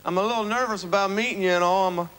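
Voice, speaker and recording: A man's voice: sits high, racing, voice pushed up, lightly acted. A man playing a bashful country bumpkin suitor, with a put-on rural Southern drawl and homespun sayings. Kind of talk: sketch comedy acting. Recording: hissy, clicky old TV broadcast.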